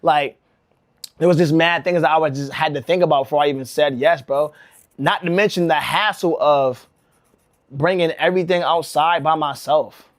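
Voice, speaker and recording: A man's voice: a little high, moderate pace, dry recording, clean studio sound. A young man from Connecticut telling a rambling, slangy story on his livestream, saying bro a lot and often restarting his sentences. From Connecticut, USA. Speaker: rug-making livestreamer.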